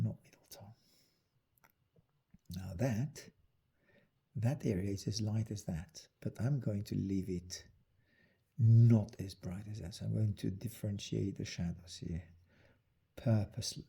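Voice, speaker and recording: A man's voice: fairly low pitch, measured pace, vocal fry, pauses often, warm tone, breathy edge. A man narrating his drawing as he works, muttering and half-whispering his steps. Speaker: artist demonstrating drawing.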